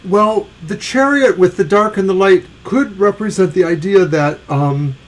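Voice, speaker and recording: A man's voice: fairly high pitch, expressive, normal speed, poor audio. Chatty man co-hosting a tarot show. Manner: chatty, rambling, self-correcting. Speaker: tarot reader co-host. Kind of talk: casual live tarot reading.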